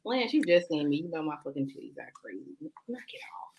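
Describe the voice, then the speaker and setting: A woman co-hosting a casual chat, loud and profane, laughing often. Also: low voice, very animated, quick pace, creaky. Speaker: podcast co-host.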